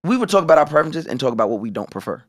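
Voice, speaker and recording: A man with a fairly high voice talks rapid-fire on a podcast he co-hosts, recorded cleanly in a studio with no room sound. He's telling a story in casual chat, swearing freely and acting out what people said in animated fashion.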